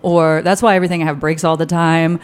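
A woman in her thirties joins a podcast as co-host. She rambles in a relaxed, self-deprecating way and drops wry, darkly comic asides. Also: low voice, fast talker, clean tone. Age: 30s. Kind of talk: casual chat.

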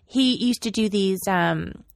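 Gravelly woman, chatty podcast co-host. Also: medium pitch, slow pace, dry recording, studio quality. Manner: chatty, filler-heavy storyteller. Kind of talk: casual podcast chat.

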